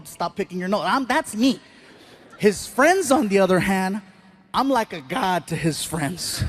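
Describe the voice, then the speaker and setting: A middle-aged stand-up comedian with a strikingly high voice for a man. He tells his stories in an animated way and slips into other people's voices as he goes. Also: slight background noise.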